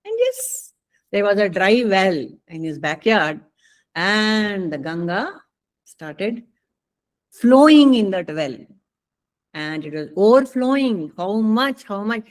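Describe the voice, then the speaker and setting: A woman giving a talk, telling a story in an animated way with many fillers and asides. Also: mid-range voice, slow pace, long pauses, low-quality recording. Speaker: speaker.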